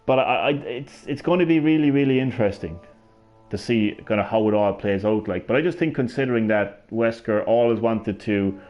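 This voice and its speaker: Excitable rambling man, low voice. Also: normal speed, dull audio, soft background music. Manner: excitable, rambling, swears often, many restarts. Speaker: gaming channel host. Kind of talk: excited rambling lore discussion. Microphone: gaming headset.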